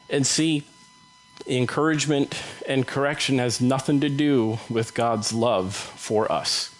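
A man's voice: medium pitch, poor audio. Male preacher, casual conversational sermon, mid-range voice. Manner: conversational, acts out Bible dialogue in quick voices.

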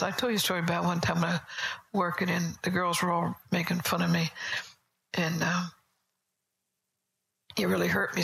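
Gravelly-voiced woman preaching softly. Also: fairly low pitch, poor audio. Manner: conversational storytelling, soft and often whispery. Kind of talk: sermon. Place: church service.

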